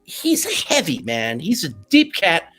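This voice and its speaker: Animated high-voiced New man. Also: takes it slowly, faint music behind. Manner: animated, laughing, slips into Spanish phrases. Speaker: guest musician. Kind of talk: casual storytelling interview.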